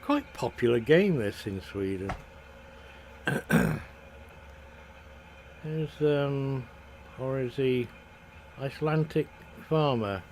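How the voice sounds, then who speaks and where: An unhurried Scottish man chatting his way through a live gameplay stream. He jokes at his own slip-ups, laughs easily and greets viewers as they arrive. His voice sits at an ordinary, middling pitch. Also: lively intonation, a little mellow, a little hiss or hum, low-quality recording. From Scotland. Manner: chatty, jokey, laughs at himself, hums along. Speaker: game streamer.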